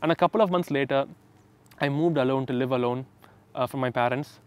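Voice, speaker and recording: A man's voice: medium pitch, fairly quick, clear, resonant tone, no echo. A young man telling a personal story in a casual, emphatic way, often acting out the voices of others. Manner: animated, emphatic, acts out quoted voices. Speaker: vlogger telling his story.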